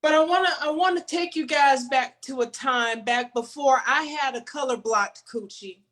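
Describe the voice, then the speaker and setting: A woman doing a stand-up comedy set remotely, telling stories with animated delivery and laughing at her own jokes. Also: high voice, moderate pace. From Chicago, USA.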